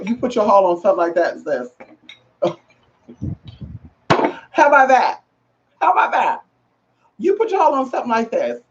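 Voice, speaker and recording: A woman's voice: mid-range voice, darkish tone, slight background noise. A woman vlogger in casual chat to camera, sassy and slangy, calling listeners girl and honey and repeating phrases for emphasis. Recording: muffled lo-fi recording.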